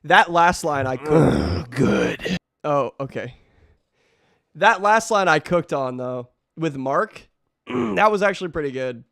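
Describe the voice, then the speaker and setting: A hoarse young man chatting casually to a livestream audience, rambling and slangy, his voice nearly worn out. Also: fairly high pitch, lively intonation, slow, a bit bright, no room sound, studio quality. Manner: rambling, slangy, self-interrupting. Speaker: streamer.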